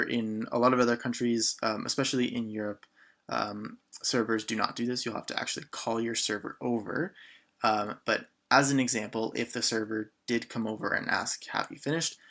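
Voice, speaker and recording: A man's voice: medium pitch, a bit bright. A man from Canada teaching a beginner lesson in a casual way, asking learners questions and often saying um. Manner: patient, prompts learners with questions, frequent ums. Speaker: French teacher.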